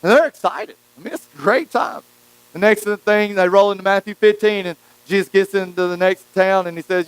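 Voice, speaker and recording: Man, preacher, high-pitched, smooth and clear, dry sound. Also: normal speed, no echo, low-quality recording. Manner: animated storytelling, acting out quotes. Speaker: pastor. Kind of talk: sermon.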